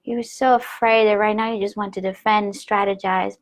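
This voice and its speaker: Soft-spoken woman teacher who drifts into whispers. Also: fairly high pitch, steady tone, normal speed. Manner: soft and gentle, often dropping into a hushed whisper. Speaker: spiritual teacher. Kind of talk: live online teaching call.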